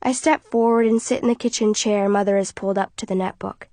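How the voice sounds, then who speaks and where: A woman narrating an audiobook in the first person, in a quiet, tense manner. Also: medium pitch, fairly even intonation, fast talker, no room sound.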